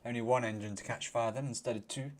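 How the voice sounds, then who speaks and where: A man's voice: medium pitch, steady tone, fast, slight background noise. Chatty man greeting stream viewers. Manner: chatty, greets viewers by name, laughs often. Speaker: livestream host. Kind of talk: casual live-stream chat.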